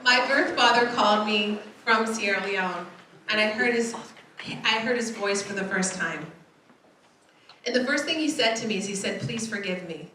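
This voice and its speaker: A woman giving a keynote talk, telling a personal story in an animated way and acting out the voices she quotes. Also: mid-range voice, normal speed, background noise. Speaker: keynote speaker. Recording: echoey hall from far off.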